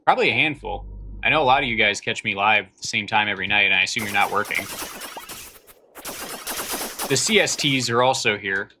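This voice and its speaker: A man's voice: on the low side, brisk, pauses often, background noise. A man livestreaming in casual chat, reading viewer comments aloud and answering them with dry jokes.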